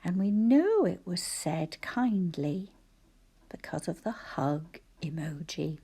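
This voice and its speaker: A woman teacher dictating spelling sentences slowly and carefully, often whispering the sounds and syllables of words. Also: lowish voice, animated, warm tone, breathy edge. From Scotland. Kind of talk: slow spelling dictation lesson.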